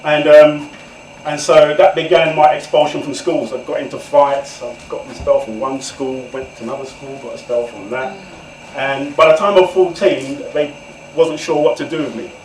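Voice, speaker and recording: Recorded from a distance in an echoey event room with slight background noise, an English guest author in his forties tells his life story to an audience. His fairly high voice stays fairly even, moving at a moderate pace with few pauses, and he's candid and conversational, often addressing listeners directly.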